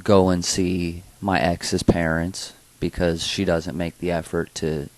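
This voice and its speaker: Man, very low voice, slow unhurried delivery, hesitant rambling storyteller, casual podcast chat. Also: little pitch movement, no room sound, low-quality recording. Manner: rambling, hesitant, with many fillers. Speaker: podcast co-host.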